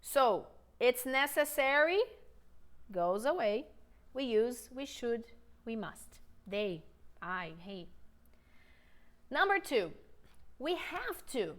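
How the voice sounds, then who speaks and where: A woman teaching an online English lesson, upbeat and coaxing, slowing down to model sentences for learners to repeat. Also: fairly high pitch, big pitch swings, a bit bright.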